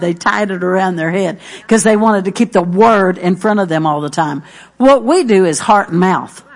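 A middle-aged woman preaching a sermon, earnest and emphatic, repeating her key phrases. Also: mid-range voice.

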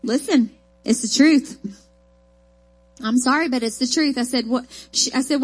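A woman's voice: on the high side, moderate pace. Emphatic woman preaching a sermon. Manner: emphatic, folksy storytelling with rising declarations. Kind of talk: sermon with personal testimony.

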